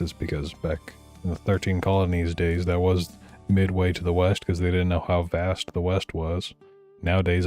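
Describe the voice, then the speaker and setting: Deep-voiced sarcastic streamer man. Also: darkish tone. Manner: dry, mocking, sarcastic. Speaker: streamer reacting to police videos. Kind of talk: sarcastic live-stream commentary.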